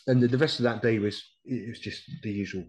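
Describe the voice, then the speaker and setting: This podcast guest, a middle-aged decorated RAF Regiment veteran from the UK, gives a blunt, sweary account in a casual interview, quoting people as he tells it. His lowish voice is steady and a little mellow, at a quick pace, and the audio quality is poor.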